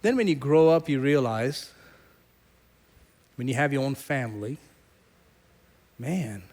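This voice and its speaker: A middle-aged man from South Asia preaching a sermon as pastor, telling stories with lively, acted-out quotes. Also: medium pitch, takes it slowly. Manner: animated storyteller, acts out quoted voices.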